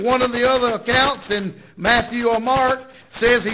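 A man's voice: very high-pitched, fairly even intonation, normal speed, few pauses, sharp tone, low-quality recording. A man preaching a sermon with dramatic, emphatic storytelling.

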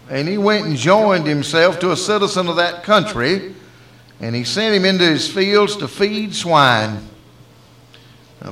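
Southern man, preacher, folksy storyteller, slightly higher voice. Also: a bit bright. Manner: folksy storytelling, acting out dialogue. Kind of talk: sermon.

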